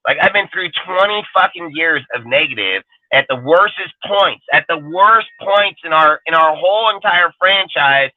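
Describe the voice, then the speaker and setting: A man's voice: a little high, lively intonation, normal speed, hardly any pauses, no echo. A man ranting on a live fan stream, blunt and full of swearing. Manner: profane, blunt and emphatic. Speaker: fan show panelist. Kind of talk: heated live-stream rant. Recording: phone-quality line, dry sound.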